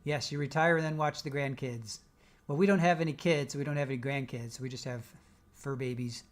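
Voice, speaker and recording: A man's voice: mid-range voice, fairly even intonation, fairly quick. A man hosting a live stream, casually reading out viewer comments with teasing jokes and frequent laughs. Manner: joking, teasing, laughs often. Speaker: livestream host.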